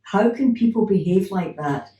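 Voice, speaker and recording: Middle-aged woman hypnotherapist, mellow lively storyteller, recorded in an echoey room a little off the mic. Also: mid-range voice, normal speed, recorded from a distance. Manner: lively anecdotes with acted-out dialogue and laughter. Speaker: clinical hypnotherapist. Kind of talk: storytelling in an interview.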